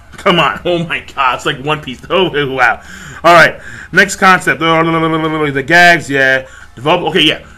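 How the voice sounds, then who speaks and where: Give me a man ranting to camera in a high, bright, animated voice, swearing and repeating himself. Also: measured pace. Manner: animated, profane, repetitive. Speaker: vlogger. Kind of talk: casual rant to camera.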